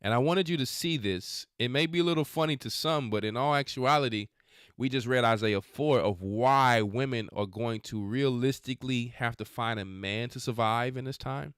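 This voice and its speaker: A man hosts a faith podcast, reacting to clips with scolding, preachy remarks in casual slang. His voice is smooth and resonant, recorded dry and close with no room sound. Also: mid-range voice, normal speed, a bit bright, dry recording. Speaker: podcast host. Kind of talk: religious commentary on videos.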